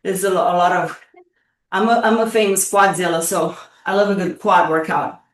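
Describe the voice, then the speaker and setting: Speaking a little fast with fairly even intonation, a fitness instructor with a lowish voice leads a live online workout class. She's playful and encouraging, cheering her students on and getting out of breath, far from the mic in an echoey room.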